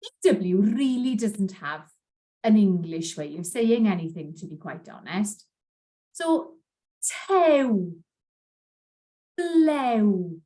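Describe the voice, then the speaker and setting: Woman, language teacher, mellow tone, very lively pitch, repeats words for learners. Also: a little slow. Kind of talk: pronunciation lesson.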